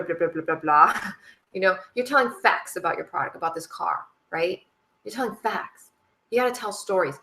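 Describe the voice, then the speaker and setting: Emphatic woman host giving a motivational sales talk, mid-pitched, echoey room. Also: a bit bright. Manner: emphatic, repeats catchphrases, laughs often.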